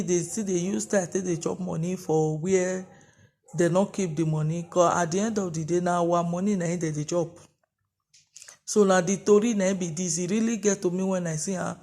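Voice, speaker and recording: A woman's voice: lowish voice, warm tone. A woman vlogger speaking Nigerian Pidgin, delivering an impassioned, repetitive rant of commentary in an opinion vlog.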